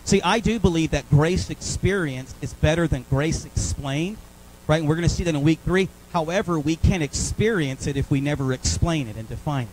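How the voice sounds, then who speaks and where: A man's voice: fairly high pitch, moderate pace, slight background noise, rough recording. Southern preacher man, keeps asking right. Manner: animated, frequent "right?" checks with congregation. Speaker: pastor. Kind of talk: sermon. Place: church sanctuary.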